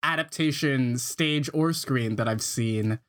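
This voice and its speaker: A man's voice: mid-range voice, slow pace. A man co-hosting a film podcast in casual chat, introducing the episode. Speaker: podcast co-host.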